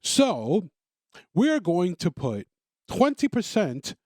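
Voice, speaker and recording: This podcast host, an adult parent, takes it slowly through an opinionated monologue, his high, very lively voice rising and falling as he presses his points. He's emphatic and repetitive, stumbling on restarts, and the audio is dry and close-miked with no echo.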